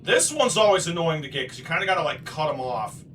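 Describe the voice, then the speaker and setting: A man hosting a game playthrough, muttering to himself and then shouting and swearing in frustration, teasing himself as he plays. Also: a little high, fast talker, far from the mic, a little hiss or hum. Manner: excitable, swings from muttering to shouting; self-deprecating, swears. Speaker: gaming channel host. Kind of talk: let's play commentary.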